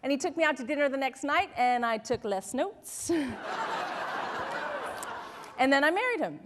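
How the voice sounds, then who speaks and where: A woman motivational speaker delivers an animated keynote, her high voice ringing through a large hall with a long echo. She tells stories, laughs along with them and keeps asking the audience questions. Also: normal speed, noisy background. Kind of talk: keynote speech to a live audience.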